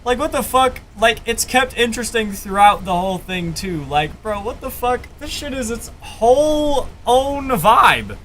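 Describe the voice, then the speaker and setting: A man's voice: extremely high pitch, expressive, measured pace, few pauses, pushed and bright, a little hiss or hum. A man streaming live, reacting to listeners' songs in a hyped, profane way and calling people bro and man. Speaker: streamer reviewing listener music.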